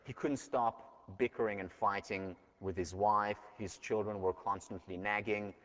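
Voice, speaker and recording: A man's voice: on the low side, steady tone, measured pace, fairly bright tone. A man giving a university lecture and telling stories in an earnest way, heard in a dull recording from a large lecture hall. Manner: earnest, storytelling.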